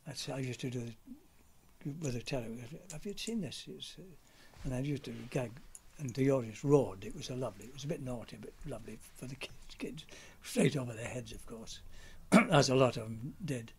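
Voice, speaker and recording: A man's voice: mid-range voice, expressive, brisk, darkish tone. An older man, a pantomime comedian, telling stories in a chatty interview and acting out old routines. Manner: chatty storyteller, acts out old routines in character voices. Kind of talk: anecdotal interview chat.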